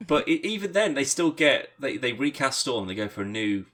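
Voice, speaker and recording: A man's voice: medium pitch, sing-song, a little fast, fairly bright tone. A man co-hosting a podcast, chatting casually with dry, sardonic quips. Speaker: podcast co-host. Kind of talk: casual chat.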